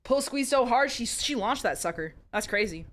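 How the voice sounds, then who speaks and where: A young woman with a high, very lively voice reads spicy fiction aloud to her stream. She keeps breaking off to giggle and say sorry, and her pitch swoops up and down as she goes. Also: normal speed.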